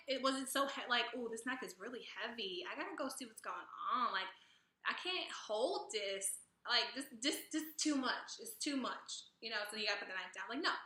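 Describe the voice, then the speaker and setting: Chatty young woman, bright echoey voice. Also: a little high. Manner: chatty, profane, animated retelling with filler "like". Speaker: YouTube reaction vlogger. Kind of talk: casual recap vlog. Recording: echoey room.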